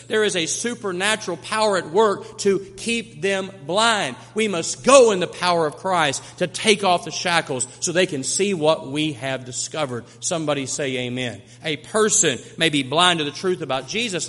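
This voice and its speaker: A male pastor preaches with emphatic repetition, his voice high and bright. It rings out with a long, trailing reverb from a large church hall. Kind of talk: sermon.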